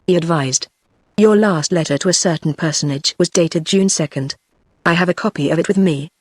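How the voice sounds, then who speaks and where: A woman with a British accent, reading a classic novel aloud as a text-to-speech audiobook narrator in an even, steady way. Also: fairly low pitch, fairly quick, no echo, studio quality.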